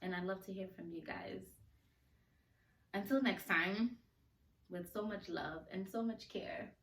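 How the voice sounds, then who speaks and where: A woman hosts her own podcast in a slow, unhurried, heartfelt way, laughing often as she talks. Her voice sits a little low. The recording is roomy and echoey, with her a bit back from the mic. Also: fairly bright tone, distant mic. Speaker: podcast host. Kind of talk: solo podcast talk.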